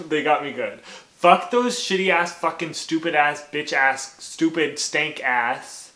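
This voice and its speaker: A man vlogging about a novel he is reading, excitable and profane, bursting into yells and laughter. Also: a little high, roomy sound. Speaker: book vlogger. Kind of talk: reading vlog reactions.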